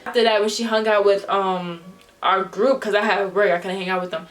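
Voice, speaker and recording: A woman's voice: mid-range voice, fairly quick, faint music behind. A young woman, casually telling a vlog storytime, acting out the people in it with slang and swearing. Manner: animated, acts out quoted voices with slang and swearing. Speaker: vlogger.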